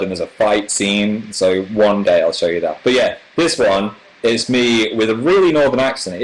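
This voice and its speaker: A man in his twenties from northern England, chatting casually on a livestream as a YouTuber host and answering viewer comments in a rambling, animated way. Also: on the low side, rough recording. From northern England, near Manchester.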